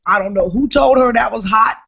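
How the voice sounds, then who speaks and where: Lively woman comedian telling a story. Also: a little high, fairly quick, gravelly, breathy edge. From New Jersey. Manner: animated, emphatic storyteller who shouts at the punchlines. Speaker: comedian guest. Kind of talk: storytelling on a podcast. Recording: dull lo-fi podcast recording.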